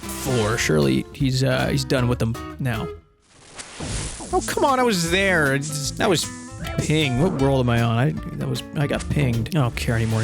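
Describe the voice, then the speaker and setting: A man's voice: mid-range voice, vocal fry. A young man commenting on a game playthrough in a sarcastic, joking manner, reading quest lines aloud and swearing now and then. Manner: sarcastic and joking, swears, playful role-play toward characters. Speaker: gaming streamer.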